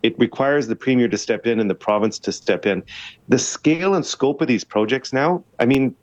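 A man who sits on a city council speaks as a guest on a radio show. He argues forcefully and repeats words for stress. The sound is dry and a bit dull, as if it comes over a remote line. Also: medium pitch, normal speed, no room sound. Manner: emphatic, argumentative, repeats for stress. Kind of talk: radio interview by phone.

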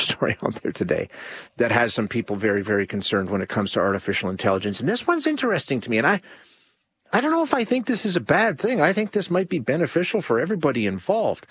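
A man's voice: medium pitch, fairly bright tone, slightly rough, no room sound. A man hosting a call-in talk radio show, rambling with many restarts and fillers. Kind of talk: casual talk radio commentary.

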